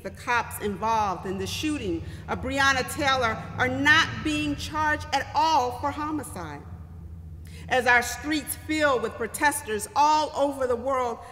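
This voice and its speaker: A woman pastor preaches slowly and deliberately, leaning on repeated refrains. Her voice is bright and fairly high. It rings through a church sanctuary with a long, lingering reverb. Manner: slow, rhythmic, repeating refrains. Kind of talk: sermon.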